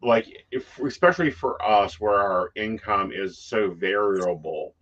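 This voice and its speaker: A man's voice: lowish voice, a little slow, fairly bright tone, muffled recording. A man co-hosting a casual chat about psychic life, blunt and free with swear words. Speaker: psychic co-host.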